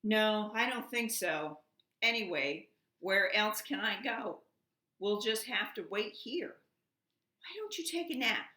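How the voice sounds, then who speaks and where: A woman voicing a tired, gentle young male dragon who pants and pleads as he talks. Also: medium pitch, lively intonation, slow pace, roomy sound, pitched above the performer's own voice. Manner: breathless, pleading.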